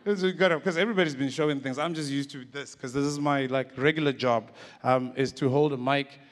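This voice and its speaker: A man's voice: mid-range voice, fairly even intonation, brisk, in a large hall. Man telling stories on stage. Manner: casual, rambling, lots of restarts and "like". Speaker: comedian giving a conference talk. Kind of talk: storytelling talk on stage.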